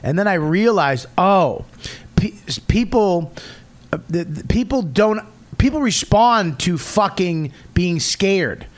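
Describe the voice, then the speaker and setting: A man's voice: sits high, expressive, takes it slowly. Profane man telling blunt stories. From Boston area, USA. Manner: profane, blunt storytelling with loud outbursts. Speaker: comedian guest. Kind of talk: casual podcast chat.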